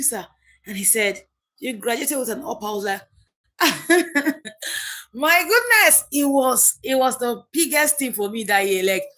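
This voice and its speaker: A woman's voice: mid-range voice, fairly bright tone. A woman speaks casually on a livestream. She tells a personal story with emotion, often restarting and repeating phrases as she goes. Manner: emotional, repetitive retelling with many restarts. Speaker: livestream host.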